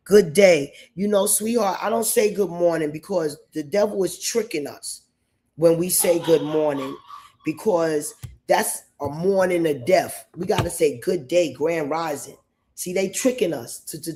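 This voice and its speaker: The livestream host, a New York State man, offers opinions at length, insistent and repetitive. His voice sits high and sounds a little mellow.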